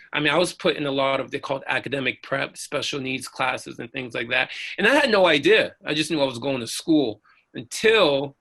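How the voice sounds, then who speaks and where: A man's voice: mid-range voice, vocal fry. A man, a preacher and uniformed officer, telling a personal story with earnest feeling in a panel discussion. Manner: earnest, animated, acts out the voices of others.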